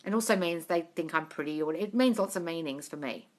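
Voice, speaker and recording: A woman's voice: low-pitched, fairly quick. A young woman reading viewer comments aloud and answering them on a live stream. She is frank and chatty, swears freely, and calls her viewers darling. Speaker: manifestation coach answering live questions. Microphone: phone at arm's length.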